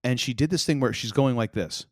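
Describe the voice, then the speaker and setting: An older man co-hosting a podcast, telling stories in a rambling, animated way with many restarts. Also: mid-range voice, a little fast, no room sound, clean studio sound. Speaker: podcast co-host. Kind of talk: casual chat.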